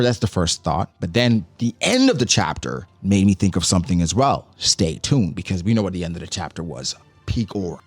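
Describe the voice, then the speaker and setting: A man's voice: mid-range voice, no room sound. A man hosting a casual, slangy manga chapter breakdown, acting out the characters' lines as he talks. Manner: animated, slangy, acts out character quotes. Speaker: anime reaction host.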